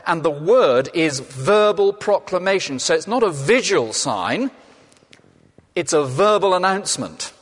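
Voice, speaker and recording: A man's voice: a little high, very animated, measured pace, breathy edge. A man preaching a sermon in a conversational way, asking and answering his own questions. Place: church. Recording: long reverb of a large hall.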